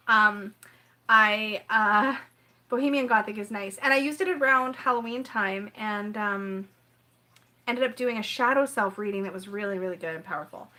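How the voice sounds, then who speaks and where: Woman, tarot reader, easygoing live-stream chat, a touch high in pitch, scattered and self-apologizing. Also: bright, forceful tone. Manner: rambling and apologetic, keeps clearing her throat; chats with viewers in the live chat.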